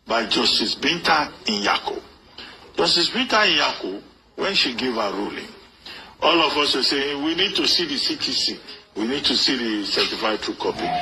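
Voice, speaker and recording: A man's voice: medium pitch, pushed and bright, slight background noise, rough recording. A man, lecturing with self-assurance. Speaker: commentator. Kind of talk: explanatory commentary.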